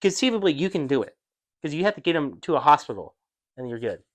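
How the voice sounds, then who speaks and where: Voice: medium pitch, big pitch swings, quick pace. A podcast co-host poking holes in a theory in casual, argumentative chat with casual swearing. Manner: skeptical, argues, swears casually.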